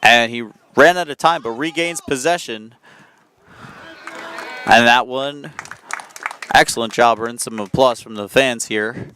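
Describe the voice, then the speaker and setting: A man giving live soccer play-by-play commentary from an outdoor field, chatty and quick to correct himself. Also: mid-range voice, pushed and bright, some chatter behind, a little hiss or hum. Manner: chatty, self-correcting, apologetic asides.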